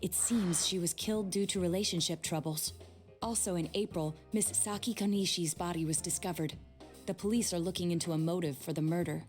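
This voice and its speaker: A woman voicing a calm, analytical young detective in an English video game dub, speaking in a measured, matter-of-fact way. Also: lowish voice, soft background music, lightly acted.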